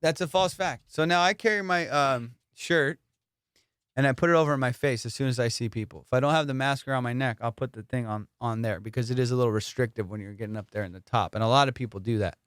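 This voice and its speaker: A man hosting a casual comedy podcast, telling stories in an animated, profane way and laughing often. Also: medium pitch, quick pace, clear, resonant tone, dry recording, clean studio sound.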